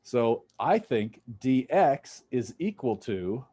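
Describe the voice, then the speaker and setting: A man's voice: medium pitch, very animated, extremely slow, mellow, slightly rough. A man lecturing a physics class, casual and jokey, thinking aloud as he works through problems with students. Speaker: physics instructor.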